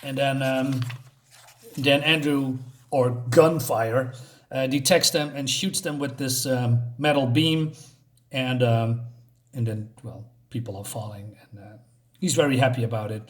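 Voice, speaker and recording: A man's voice: medium pitch, fairly even intonation, measured pace. A man giving a casual spoken comic book review, rambling and hesitant, with many fillers.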